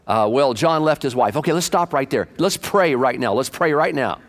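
A man's voice: mid-range voice, lively intonation, moderate pace, hardly any pauses. A man preaching a conversational sermon in church, asking the congregation questions and joking about himself. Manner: self-deprecating and candid. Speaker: pastor. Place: church sanctuary.

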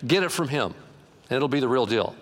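A male pastor preaching a conversational sermon in a church, animated and folksy, joking and acting out quotes. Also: mid-range voice, a little fast.

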